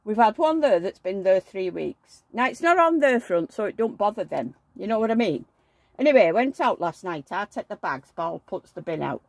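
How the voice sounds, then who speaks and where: A woman talks in a blunt, chatty way as she works at home, murmuring fondly to her dolls between grumbles. Her voice has a gravelly, creaky texture and sits in a middle pitch for a woman. The sound is dry and close, with no room echo. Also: big pitch swings, normal speed. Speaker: doll collector vlogger. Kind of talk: chatty running commentary while working.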